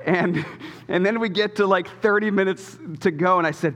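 A male pastor in his thirties delivering a sermon in a church auditorium, his voice a touch higher than most men's. He tells a family story casually and with animation, poking fun at himself, and a long reverb from the hall hangs on each phrase. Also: normal speed, a bit bright.

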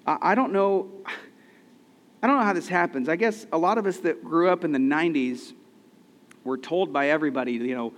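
A man's voice: a little high, fairly quick, pauses often. A man in his thirties preaching a sermon, conversational and earnest, asking the listeners questions. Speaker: pastor. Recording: long hall reverb.

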